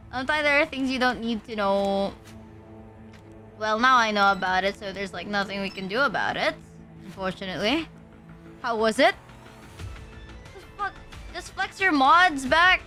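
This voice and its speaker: A woman's voice: a little high, sharp tone. A young woman streamer from the Philippines, rambling through a story in casual chat, swearing often and saying "like" a lot. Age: young adult.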